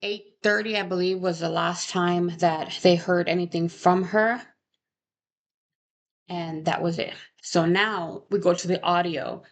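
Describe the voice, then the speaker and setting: A woman's voice: fairly low pitch, fairly even intonation, measured pace, slight background noise. A young woman casually talking through a true crime case, rambling and correcting herself, with frequent rhetorical questions. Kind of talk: casual chat.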